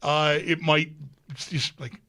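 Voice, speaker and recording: A man's voice: a little high, steady tone, takes it slowly, pushed and bright. A man co-hosting a sports talk radio show, chatting casually with hedges and stumbling starts.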